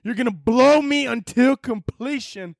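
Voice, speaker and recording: A man's voice: extremely high pitch, measured pace, vocal fry, dry recording, studio quality, pitched above the performer's own voice, full character voice. A man putting on the voice of a crude frat-boy military officer who barks orders at pledges. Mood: barking, crude. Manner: barking drill-sergeant shouts.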